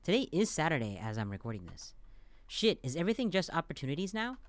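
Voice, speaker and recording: A man playing a dialogue-heavy game, reading the lines aloud and reacting between them with quick, playful asides. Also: a little high, big pitch swings, no room sound. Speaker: let's play gamer.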